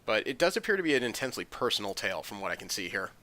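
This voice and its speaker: A man's voice: on the low side, very animated, rapid-fire, sharp tone. A man hosting a podcast, chatting through comic news with frequent ums and uhs. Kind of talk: casual chat.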